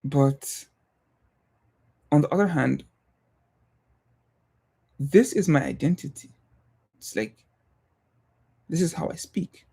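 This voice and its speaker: A young man with a non-American English accent, talking on a livestream in a reflective, hesitant way, pausing and restarting often. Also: on the high side, vocal fry, dark tone, husky. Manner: thoughtful, hesitant, many pauses and restarts. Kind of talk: casual reflective livestream talk.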